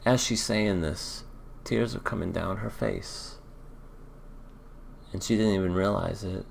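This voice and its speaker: A man's voice: deep voice, a little slow, vocal fry, a little hiss or hum. A man recapping an anime episode in a casual, rambling way, hedging often as he thinks aloud. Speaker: anime reaction vlogger.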